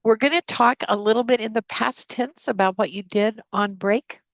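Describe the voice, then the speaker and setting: A woman teacher speaks over a video call, with a gravelly edge in her voice. The sound is dry and close. She leads students through a spoken prayer and repeat-after-me vocabulary drills in an even, instructive way. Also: on the high side, moderate pace, no room sound. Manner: prays aloud, then drills vocabulary with repetition. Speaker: Spanish teacher. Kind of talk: live online class teaching. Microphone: computer mic on a video call.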